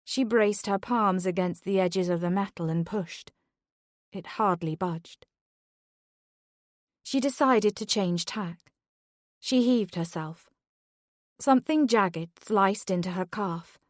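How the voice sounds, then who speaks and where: Narrator: woman, unhurried and tense, medium pitch, dry close-miked read. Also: dry recording. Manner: slow, measured, tense. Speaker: audiobook narrator. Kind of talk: scripted thriller narration.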